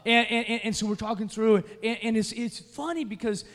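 A man preaching a sermon as pastor, telling a story and then building to loud, emphatic preaching. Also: high voice, brisk. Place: church sanctuary. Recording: long reverb of a large hall.

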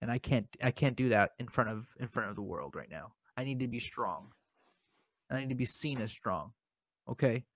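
A man's voice: medium pitch, expressive, normal speed, fairly bright tone, no echo. Male podcast host, mid-range voice, dry close sound; comic over-the-top self-pity, stammers through his lines. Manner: mock-dramatic, stammering, self-pitying. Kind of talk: comedic podcast banter.

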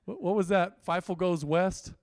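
Male pastor, fairly high voice, dry close sound, lively preaching that swells and hushes. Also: moderate pace, no echo. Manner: animated, preaching with sudden loud swells and quiet drops. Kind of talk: sermon. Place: church.

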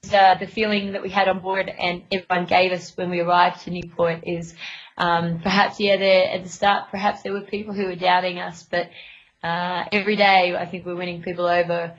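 A woman's voice: lowish voice, little pitch movement, moderate pace. Hesitant woman on a dull line. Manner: hesitant, many fillers and restarts. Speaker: interviewed sailor. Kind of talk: casual radio interview.

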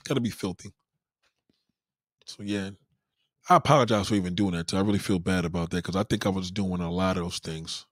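A man hosting a podcast, telling crude stories in an animated, profane monologue. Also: low voice, a little fast, long pauses, no room sound, clean studio sound. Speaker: podcast host. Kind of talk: casual comedic monologue.

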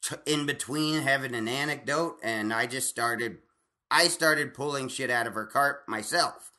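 A man's voice: mid-range voice, measured pace, pushed and bright. A man co-hosting a casual chat, rambling and swearing freely, with many restarts. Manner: rambling, profane, frequent restarts and laughs.

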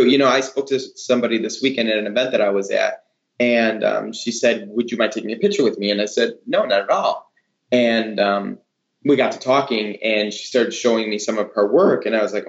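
Male guest, hairdresser-educator, eager and animated, roomy slightly muffled sound. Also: mid-range voice, brisk. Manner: enthusiastic, animated storytelling. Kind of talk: casual interview talk.

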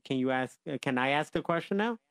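A man's voice: mid-range voice, lively intonation, fast, a bit bright, smooth, dry recording, studio quality. A man telling a story to children, rambling and playful, interrupting himself and bantering.

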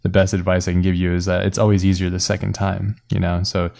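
A man's voice: sits low, monotone, fast talker, creaky, a little mellow. A male podcast host chatting in a laid-back, slangy way. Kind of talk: casual interview chat.

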